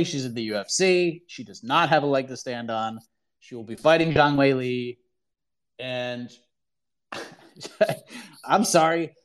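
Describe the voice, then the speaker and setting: Guy hosting a call-in sports show, kinda high voice, opinionated, hammers his points home. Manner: emphatic, opinionated, repeats himself for emphasis. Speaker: podcast host answering callers.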